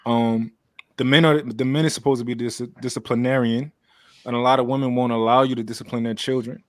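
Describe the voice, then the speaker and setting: A man on a live panel giving his view in earnest, halting, thinking aloud. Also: medium pitch, steady tone, no room sound. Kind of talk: casual opinion chat.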